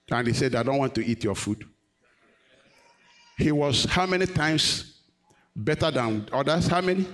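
A man preaching a sermon, questioning the congregation and rising to emphatic peaks. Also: mid-range voice. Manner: call-and-response, questioning the congregation.

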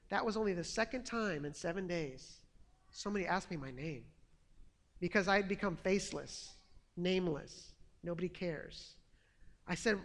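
A man telling a personal testimony story in an earnest, animated way. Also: sits high, normal speed, creaky, long reverb tail. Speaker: testimony speaker.

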